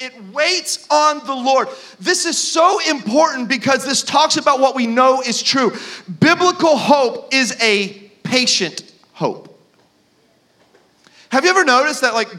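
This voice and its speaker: A man preaching a sermon as pastor, casual and animated, with lots of fillers while telling stories. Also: very high voice. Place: church.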